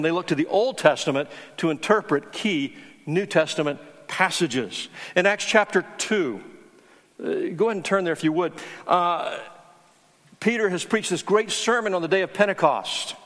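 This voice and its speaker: Male pastor, slightly high voice, earnest teaching delivery, long hall reverb. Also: lively intonation, moderate pace, fairly bright tone. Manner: earnest teaching, emphatic on key words. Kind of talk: sermon.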